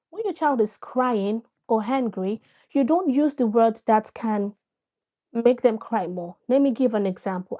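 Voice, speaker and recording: In relaxed live-stream talk, a woman shares parenting advice, welcoming viewers by name and using examples to make her points. Her voice is fairly high-pitched and warm.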